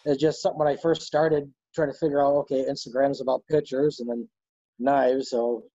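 Husky, mellow man on a dull line. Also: mid-range voice, level tone, brisk, no echo. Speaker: podcast guest, knife designer. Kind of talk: casual podcast chat.

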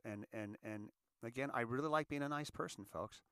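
Earnest sixty-year-old man, halting, dry sound. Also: medium pitch, pushed and bright, clean tone, dry recording. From California, US. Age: 60s. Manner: halting, repeats words, earnest. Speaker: show host. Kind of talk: confessional monologue.

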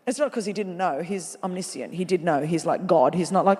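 A woman preaching a sermon as a guest speaker in a large church, animated and playful, with comic asides. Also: lowish voice, a little fast, few pauses, breathy edge. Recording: long reverb of a large hall.

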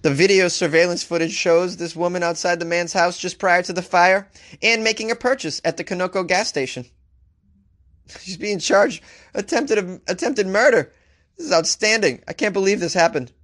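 A man's voice: high voice, moderate pace, no echo, studio quality. Joking male comedy podcast host. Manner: animated, joking, reads news aloud with asides. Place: home studio, Los Angeles.

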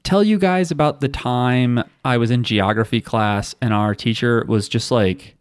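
A man co-hosting a podcast, chatting casually and telling animated, jokey stories. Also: mid-range voice, a little slow, smooth, dry recording, clean studio sound. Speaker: podcast co-host. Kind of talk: casual chat.

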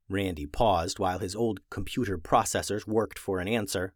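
A man reading a children's story aloud, expressive and animated. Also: sits low, normal speed, hardly any pauses, dry recording, studio quality. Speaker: narrator.

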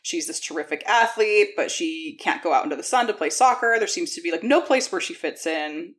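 Chatty woman podcaster, slightly low voice. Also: animated, a little fast. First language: not English. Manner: laughs often, chatty storytelling. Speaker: podcast co-host. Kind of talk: casual chat.

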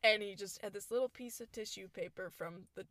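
A woman's voice: medium pitch, brisk, crowd noise. A young woman in her twenties co-hosting a casual chat, telling a story and acting out the people in it. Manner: animated, acts out quoted people with laughs. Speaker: podcast co-host.

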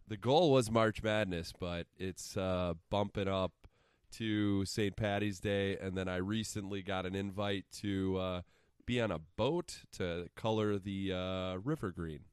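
Man, podcast co-host, low voice, dry close sound, halting casual talk. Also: steady tone, clear, resonant tone, no echo. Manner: halting, with fillers, dry humor. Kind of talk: casual chat.

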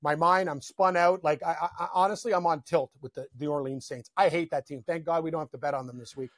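A man co-hosting a casual sports betting chat, excitable, laughing often and ranting in quick bursts. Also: a little high, no room sound, studio quality. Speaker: co-host.

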